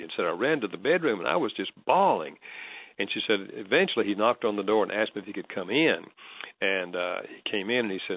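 A man speaks in a lowish, unhurried voice as a counselor guest, walking through advice and retelling conversations. The recording is dry and slightly dull, with a lo-fi edge. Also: dry recording. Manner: calm, measured, storytelling with quoted dialogue. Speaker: marriage counselor and author as guest.

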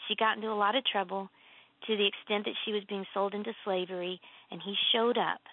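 A woman with a gravelly edge to her voice, speaking earnestly about her faith as an author guest. She tells her stories with animated lifts and plenty of conviction. The sound comes over a tinny, phone-like line and is completely dry, with no room echo. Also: a little fast. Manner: earnest, animated storytelling with emphatic pitch lifts. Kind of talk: casual faith conversation.

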